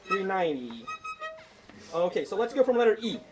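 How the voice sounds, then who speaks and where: A man's voice: high-pitched, big pitch swings, normal speed, faint music behind. A man leading an orchestra rehearsal, giving instructions and singing the rhythms in syllables. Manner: sings rhythms in syllables while explaining. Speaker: orchestra conductor. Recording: distant voice with orchestra playing. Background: orchestra playing.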